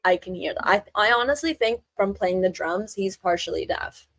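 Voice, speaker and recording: A young woman co-hosting a podcast, chatting in a relaxed way at one steady volume. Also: medium pitch, normal speed, dry recording. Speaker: podcast co-host. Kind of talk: casual chat.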